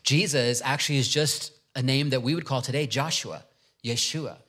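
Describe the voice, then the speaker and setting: Opening his sermon in quiet prayer, a pastor then works earnestly through a passage, leaning on rhetorical questions. He speaks at a normal speed with a medium-pitched voice.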